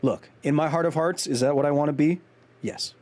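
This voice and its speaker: Brisk and a little mellow, the man's slightly high voice keeps fairly even intonation as he hosts a live game stream. His chatty, rambling talk with viewers includes replies to chat, many ums and restarts, and self-mockery.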